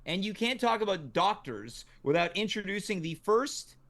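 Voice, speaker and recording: A man's voice: high-pitched, lively intonation, normal speed, a bit bright. A man hosting a casual comedy talk show, teasing his guests playfully. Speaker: host.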